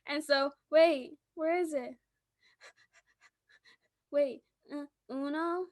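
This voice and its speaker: A young woman co-hosting a podcast, telling lively stories in casual chat and acting out the people she quotes. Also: sits high, extremely slow, no echo. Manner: animated storytelling, acting out quotes with laughs. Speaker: podcast co-host.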